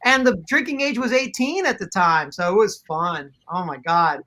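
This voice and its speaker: A man speaking as a guest on a panel, jumping in excitedly and swearing casually. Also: high voice, normal speed. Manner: excited, profane, talks over others. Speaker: guest musician.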